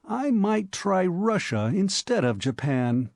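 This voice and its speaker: A man voicing a mild, thoughtful young gentleman in a storybook reading. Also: high voice, sing-song, takes it slowly, vocal fry, no echo, clean studio sound, pitched above the performer's own voice, full character voice. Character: easygoing young gentleman, sleepy and kind.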